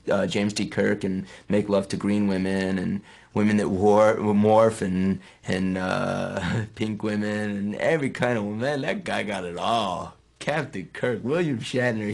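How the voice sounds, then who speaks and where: A man in his thirties, an actor from New Jersey, answers interview questions in a low, gravelly voice. He tells his stories with a lot of animation, and when he quotes people his voice jumps up into high yelps. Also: a little slow.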